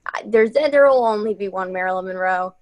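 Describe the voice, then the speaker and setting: A woman's voice: mid-range voice, fairly quick, muffled recording. A woman, an actress, chatting casually in an interview, modest and self-deprecating. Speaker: actress guest.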